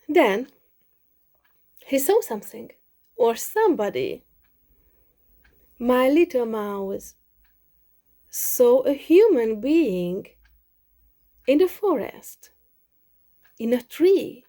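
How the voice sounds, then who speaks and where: A woman telling a simple story for English learners, slow and expressive with many repetitions. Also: on the high side. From Hungary.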